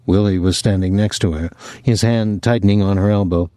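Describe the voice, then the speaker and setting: A man reading a novel aloud as an audiobook narrator, in measured storytelling. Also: fairly low pitch, steady tone, warm tone, no echo, clean studio sound.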